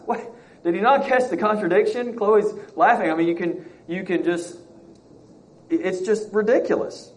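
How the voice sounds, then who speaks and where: A man's voice: high voice, normal speed, rough recording. A man teaching a Bible study class, reading passages aloud and asking the class questions. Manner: reads scripture aloud, acts out quotes, asks the class questions.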